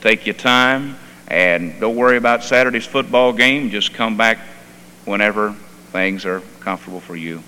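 A preacher voicing a kindly football coach. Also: male voice, fairly low pitch, normal speed, big-room sound, a little hiss or hum, rough recording. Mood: reassuring. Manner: gentle and reassuring.

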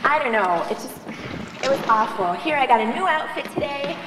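On stage in a large hall, a young woman plays a chatty, spoiled college freshman moving in, gushing endlessly about herself in a live skit. Her voice sits high, expressive and a little fast, heard from far off in a noisy, echoey hall recording.

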